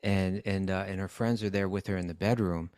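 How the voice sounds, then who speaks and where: A man co-hosting a podcast, casually retelling a story in an animated way, with many restarts. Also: deep voice, a little fast, clear, resonant tone, no room sound, clean studio sound. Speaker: podcast co-host.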